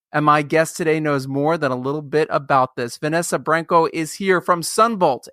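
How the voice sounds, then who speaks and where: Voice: medium pitch, fairly bright tone, no echo, studio quality. A host from Long Island, reading an upbeat intro and then chatting with a guest. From Long Island, New York. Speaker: podcast host. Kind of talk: scripted intro then casual interview.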